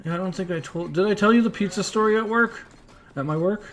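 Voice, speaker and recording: A man's voice: sits high, fast talker. A Canadian man casually telling a work story, rambling and swearing as he retells what people said. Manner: rambling, profane, animated retelling with quoted voices. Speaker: podcast host.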